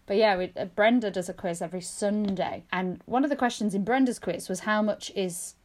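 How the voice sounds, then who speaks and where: A woman, co-hosting a casual podcast chat, telling stories quickly and laughing often. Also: medium pitch. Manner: chatty, laughing, quick storyteller. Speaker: podcast co-host.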